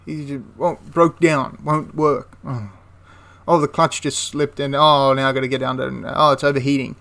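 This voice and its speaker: A man's voice: mid-range voice, fairly even intonation, normal speed, vocal fry, fairly bright tone. A young man casually retelling a wartime history story, chatty and prone to correcting himself mid-sentence. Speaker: history channel host.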